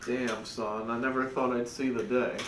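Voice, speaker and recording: Man co-hosting a podcast, casual joking chat, heard from a distance, echoey room with a faint rumble. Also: flat delivery, moderate pace, a bit bright. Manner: joking, loose, swears casually. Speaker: podcast co-host.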